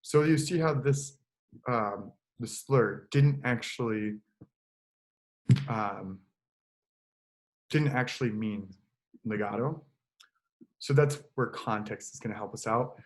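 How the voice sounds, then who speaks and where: A man, a choir director, giving an online choral lesson in a relaxed, explanatory way, now and then singing short examples into a computer mic. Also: medium pitch, slow pace, pauses often.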